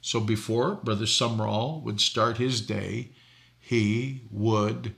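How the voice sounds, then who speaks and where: A man's voice: on the low side, takes it slowly, gravelly, a bit bright. An older man from Boston, a preacher hosting a talk show, telling folksy stories and laughing at his own jokes. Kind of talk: preaching talk show answering viewer questions.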